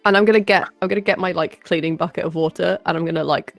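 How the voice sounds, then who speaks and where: A woman's voice: fairly low pitch, fairly even intonation, fast talker, gravelly, no room sound, faint music behind. A woman playing a tabletop game, chatting in a playful way. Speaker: player. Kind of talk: casual tabletop play.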